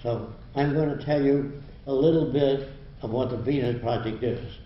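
A man's voice: medium pitch, moderate pace, a little hiss or hum. An older man giving a university lecture in a blunt, emphatic, lecturing manner. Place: lecture hall. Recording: roomy, dull lo-fi hall recording.

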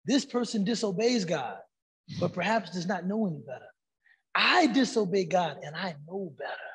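A man talking as a podcast guest in a relaxed way, with frequent affirmations and Arabic phrases. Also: sits high, normal speed, husky. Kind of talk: casual podcast conversation.

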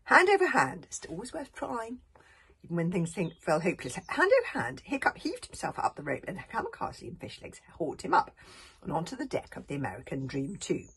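A woman reading a children's book aloud, expressive, sinking to whispers and adding casual asides. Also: lowish voice, a little fast, slightly rough. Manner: expressive, drops to whispers, laughs at slips and adds asides. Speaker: reader.

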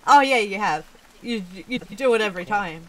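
A woman's voice: mid-range voice, expressive, moderate pace, fairly bright tone. A woman streamer chatting casually while gaming, playful and teasing, laughing often. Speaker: streamer host.

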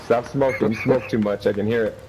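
A man's voice: fairly low pitch, steady tone, a little fast. A young man trash-talking an opponent over game voice chat, taunting, crude and repetitive. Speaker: gamer streaming.

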